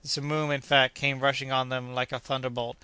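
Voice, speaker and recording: A man narrating an adventure audiobook in a measured, steady reading. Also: mid-range voice, smooth, no room sound.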